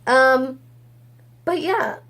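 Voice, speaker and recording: A woman with a high voice talks straight to camera in a loose, rambling way. She piles on fillers and swears without holding back. It sounds like an unscripted opinion vlog. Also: expressive, extremely slow, a bit bright. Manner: rambling, blunt and profane, with many fillers. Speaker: vlogger.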